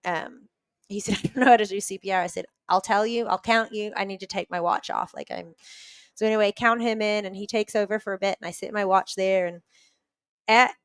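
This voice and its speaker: Smooth-voiced woman telling a tense story. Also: mid-range voice, fairly even intonation, a little fast, no echo. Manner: vivid retelling, frequent "like" fillers. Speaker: podcast guest. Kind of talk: conversational storytelling.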